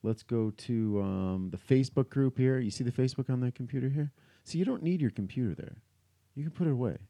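A man co-hosting a podcast in a low-key, hesitant way with many fillers. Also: a little fast, warm tone, no echo, studio quality. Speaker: podcast co-host. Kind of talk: casual chat.

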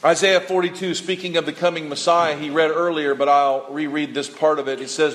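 A man's voice: a little high, level tone, a little fast, few pauses, a bit bright. A man preaching a sermon as pastor, talking in a folksy, conversational way and calling for responses from the congregation. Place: church sanctuary. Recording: long reverb of a church hall.

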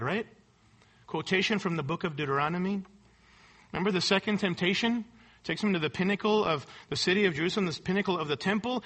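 A man's voice: high-pitched, normal speed, long pauses, pushed and bright, breathy edge. A male pastor preaching a sermon, emphatic and rhetorical, repeating key words and asking the room for agreement.

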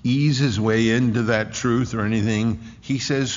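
A man preaching a sermon in an emphatic way, often restarting with quick repeated words. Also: medium pitch, fairly even intonation. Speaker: pastor. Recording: echoey hall, dull lo-fi sound.

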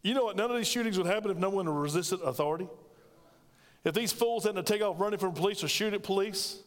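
A man's voice: high voice, quick pace, big-room sound. A man, a pastor preaching an emphatic, conversational sermon that calls out to his congregation. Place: church sanctuary.

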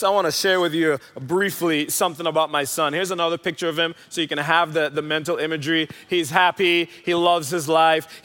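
A man's voice: on the high side, a bit bright. A young man preaching a sermon in a large church hall, telling stories in a conversational, playful way. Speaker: pastor. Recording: hall reverb.

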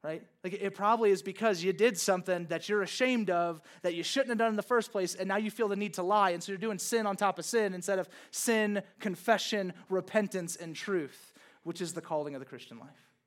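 A man's voice: high-pitched, brisk. A man preaching a sermon, telling a personal story in a casual, chatty way with many fillers. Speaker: pastor.

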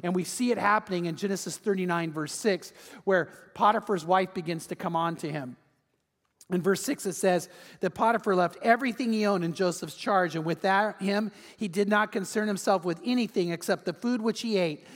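Delivering a sermon at a moderate pace, a pastor with a high voice tells a story to his congregation with lively animation, frequently taking on the voices of the people he quotes. His words echo around a reverberant hall.

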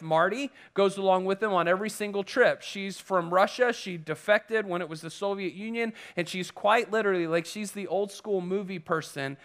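High-voiced man preaching a story. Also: a bit bright. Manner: conversational, rambling with restarts. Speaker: pastor. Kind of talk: sermon storytelling.

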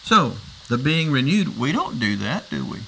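A man's voice: mid-range voice, very animated, moderate pace, gravelly, pushed and bright, a little hiss or hum, rough recording. A man preaching a sermon, explaining a passage and posing rhetorical questions, often repeating words as he restarts. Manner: teaching, asks rhetorical questions. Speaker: pastor.

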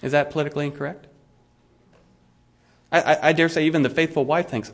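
A man's voice: a little high, fairly even intonation, quick pace. A middle-aged male pastor preaching a sermon in a conversational way, asking his listeners questions and often restarting his words. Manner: frequent restarts and repeated words.

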